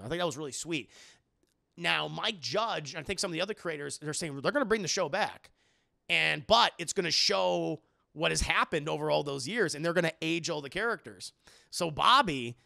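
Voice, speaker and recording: A man's voice: fairly high pitch, vocal fry, bright, forceful tone, no room sound, clean studio sound. A young man streaming and chatting casually with his viewers, rambling, laughing often and swearing. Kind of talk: casual chat with live chat.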